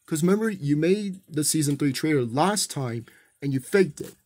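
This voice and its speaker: A man's voice: on the high side, animated, moderate pace, darkish tone, dry recording. A man voicing a big friendly cartoon cat toy in a fan toy play, eager and exclaiming.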